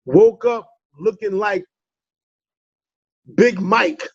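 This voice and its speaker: A man's voice: high-pitched, very slow, gravelly, breathy edge, no room sound, highs cut off. A man from the Bronx, a comedian telling playful, teasing stories in a casual interview. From the Bronx, New York. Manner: animated storyteller, playful teasing. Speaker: comedian guest.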